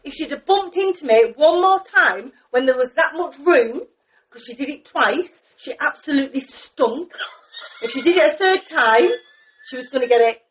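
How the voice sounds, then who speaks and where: Lively high-voiced woman, slightly off-mic. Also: normal speed, far from the mic, low-quality recording. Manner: animated, laughing storyteller. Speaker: podcast co-host. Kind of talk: casual chat.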